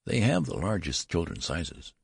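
A man's voice: deep voice, wildly swooping pitch, moderate pace, gravelly, breathy edge, dry recording, clean studio sound, full character voice. A man voicing a curious, matter-of-fact store clerk in a storybook reading.

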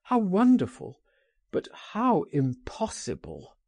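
A male reader voicing a frightened, anguished man who pleads that he is trapped, in high, strained cries. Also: sing-song, takes it slowly, warm tone, breathy edge, no room sound, exaggerated voice.

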